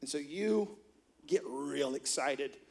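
A man's voice: on the high side, animated, slow, gravelly. A middle-aged man preaching as a pastor, telling a story and joking with the congregation. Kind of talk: sermon with storytelling. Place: church auditorium.

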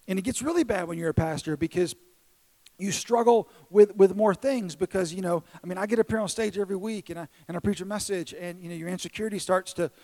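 A pastor in his thirties preaches from a church stage in an earnest, self-deprecating way. His voice sits a little high for a man, and he often stumbles and restarts his phrases as he tells his story. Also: fast, a little mellow, poor audio. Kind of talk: sermon.

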